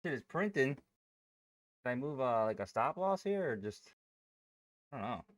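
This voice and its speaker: A man's voice: medium pitch, big pitch swings, a little slow, no echo. Joking man hosting a trading stream. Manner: joking, loose and profane. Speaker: day-trading livestream host. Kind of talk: casual livestream chat.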